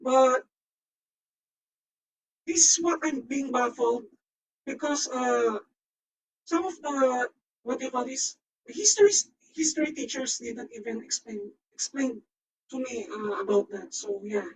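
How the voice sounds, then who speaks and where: A woman streamer with a voice changer filter, chatting excitably and rambling, swearing freely and slurring her words at times. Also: high voice, measured pace, vocal fry, long pauses, recorded from a distance, rough recording. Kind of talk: live stream reaction chat.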